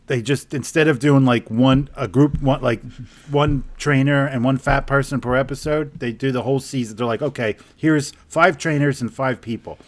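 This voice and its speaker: A man co-hosting a podcast, chatting casually with crude humor, laughing a lot and mimicking people in silly voices. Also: medium pitch. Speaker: podcast co-host. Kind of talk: casual comedic chat.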